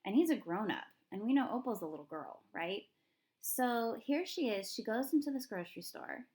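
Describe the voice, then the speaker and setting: A woman's voice: a little high, lively intonation, moderate pace, a little mellow. A woman teaching a third-grade reading lesson, talking chattily and thinking aloud, asking her young students questions as she goes. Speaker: elementary school teacher. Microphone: recorded lesson video.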